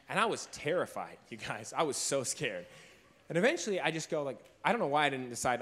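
A young man giving a motivational speech in a large room, telling a story in a lively, casual way, often saying "like" and acting out what he once said. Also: mid-range voice, a little fast. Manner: animated storyteller, heavy use of "like", acts out his own past lines. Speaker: keynote speaker.

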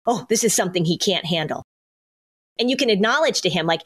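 A middle-aged woman hosts a parenting podcast and talks through advice in a relaxed, conversational way. She slips into quick acted lines for parents and children as she explains. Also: fairly low pitch, slightly rough. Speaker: podcast host, parenting anxiety expert. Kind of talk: casual advice podcast chat.

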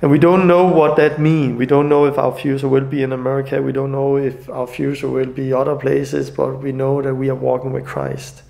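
Gravelly, tearful man, earnest and halting. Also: mid-range voice, level tone, a little mellow. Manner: earnest, halting, non-native phrasing. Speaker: evangelist. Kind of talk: emotional personal video message.

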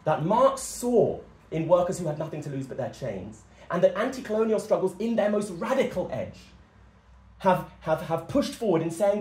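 A man's voice: on the high side, big pitch swings, brisk, a little mellow. A young man giving an impassioned, emphatic political speech at a meeting. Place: meeting room. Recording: echoey meeting room.

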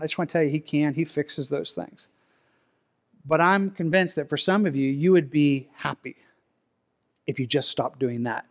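High-voiced pastor preaching conversationally. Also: male voice. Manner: conversational, acts out imagined dialogue. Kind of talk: sermon. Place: church sanctuary.

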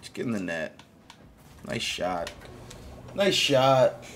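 Gravelly-voiced male game streamer. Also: medium pitch, big pitch swings, takes it slowly, fairly bright tone, a little hiss or hum. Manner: greets viewers and reacts to gameplay. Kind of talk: casual live-stream gaming chat.

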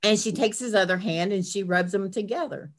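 An older woman, a grandmother, chatting as a guest in an interview and telling a family story in a casual, animated way. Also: fairly quick. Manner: chatty, acts out family quotes with lively pitch jumps. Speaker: guest, herbal blend maker.

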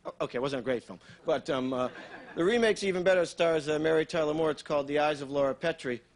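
A man performing a stand-up routine on a TV stage, telling dark jokes in a dry, offhand way and tagging lines with "you know.". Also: fairly high pitch, quick pace. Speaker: stand-up comedian. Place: television studio stage with a live audience. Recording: 1980s TV broadcast with audience laughter.

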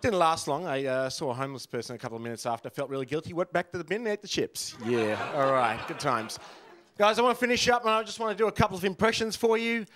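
High-voiced stand-up comic. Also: male voice, fast, background noise. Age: 30s. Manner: rambling, self-deprecating, full of fillers. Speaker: stand-up comedian. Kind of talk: stand-up comedy set.

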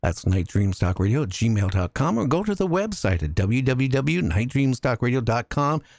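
A man hosting a casual talk radio show, telling jokey stories with lively energy. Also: mid-range voice, moderate pace, gravelly, no room sound. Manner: animated storytelling, jokey.

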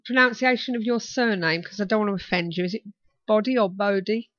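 A woman's voice: mid-range voice, quick pace, a bit bright, no room sound. A woman hosting a casual talk show, chatty and hesitant with lots of fillers. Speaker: radio talk show host. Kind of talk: casual chat. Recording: muffled dry sound.

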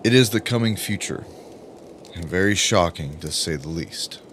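Deep-voiced male audiobook narrator. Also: lively intonation, fairly bright tone, slight background noise. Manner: grave, emphatic delivery with dramatic pauses. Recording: music playing under the voice.

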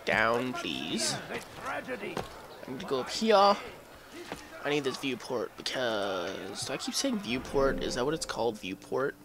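A man with a mid-range voice whose pitch swoops wildly takes his time, leaving long pauses as he rambles through a casual let's-play. He chuckles and talks back at the game, his voice recorded over loud game music with crowd noise in the background.

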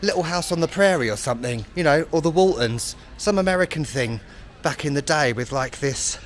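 A man's voice: fairly high pitch, animated, a little fast, a little hiss or hum. A man talking casually in a walking travel vlog, chatty, self-mocking and enthusiastic, outdoors. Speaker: travel vlogger. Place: outdoors in a spa town street.

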